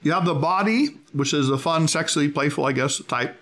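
A man's voice: on the high side, normal speed, fairly bright tone. A man hosting an interview, inquisitively summarizing his guest's work with frequent hesitations. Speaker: interview host. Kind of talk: conversational interview.

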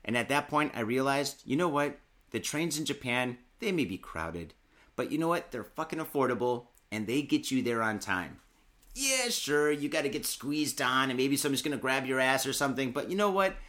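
A man's voice: mid-range voice, lively intonation, normal speed, a bit bright. A young man from Michigan, chatting casually as a podcast co-host, rambling and swearing constantly. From Michigan, USA. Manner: profane, rambling, heavy cursing and filler.

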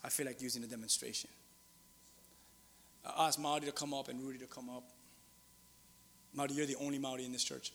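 A middle-aged man preaching a sermon in a church. He talks animatedly, swinging between loud exclaiming and hushed asides. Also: mid-range voice, level tone, brisk, long pauses, long reverb tail. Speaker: pastor. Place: church sanctuary.

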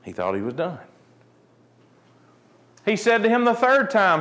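A man preaching a sermon, swinging between joking asides and quiet, earnest points. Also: sits high, quick pace, pauses often. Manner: animated preaching, jokey asides, drops to quiet earnest tones. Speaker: pastor.

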